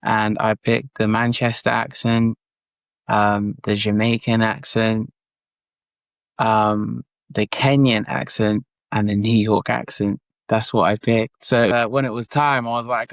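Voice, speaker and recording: Gravelly young man, halting and animated. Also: on the low side, no echo. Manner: hesitant, many fillers, animated retelling. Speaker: actor, interview guest. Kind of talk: casual interview chat.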